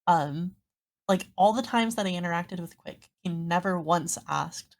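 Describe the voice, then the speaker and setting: A woman's voice: fairly low pitch, a little slow, slight background noise. A woman guest on a podcast, chatting casually and rambling through a story with lots of fillers. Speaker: guest streamer.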